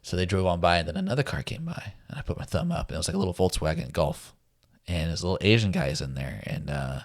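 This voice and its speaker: A man with a very low voice tells a story in a relaxed, easygoing way. He laughs often and acts out what people said to him. The sound is close and dry. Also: quick pace, dry recording. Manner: laid-back, laughs often, acts out quotes. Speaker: guest telling a survival story. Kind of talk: casual storytelling.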